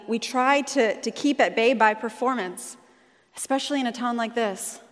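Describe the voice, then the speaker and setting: A woman's voice: on the high side, a bit bright. A woman pastor preaching a sermon in a conversational, storytelling way, in a church sanctuary. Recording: long hall reverb.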